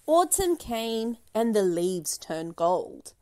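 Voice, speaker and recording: A woman reads a children's storybook aloud at an unhurried bedtime pace. Her voice sits a little high and rises and falls widely as she tells the story gently. The sound is dry and close, with no room echo. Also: very animated. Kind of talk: reading a children's picture book aloud.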